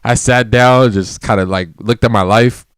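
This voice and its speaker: A man's voice: medium pitch, moderate pace, clear, resonant tone, dry recording, studio quality. A man telling a party story in casual chat, acting out quotes and laughing often. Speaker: guest.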